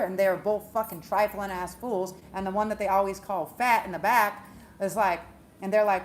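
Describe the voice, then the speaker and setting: A woman, a spiritual reader, retelling a story in a profane, animated monologue. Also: mid-range voice, brisk, slight background noise. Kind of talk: casual monologue vlog.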